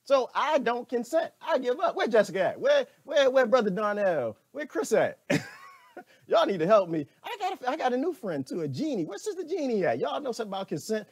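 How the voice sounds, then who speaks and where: Animated man ranting on a livestream. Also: very high-pitched, a little fast, breathy edge. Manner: animated, laughing, talks back to chat comments. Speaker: livestream host. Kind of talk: casual livestream rant.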